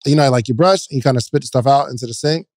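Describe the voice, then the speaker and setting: A man co-hosting a podcast, casually telling an animated story about his small daughter. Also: mid-range voice, very fast, no echo, studio quality. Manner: animated, mimics his child playfully. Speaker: podcast co-host.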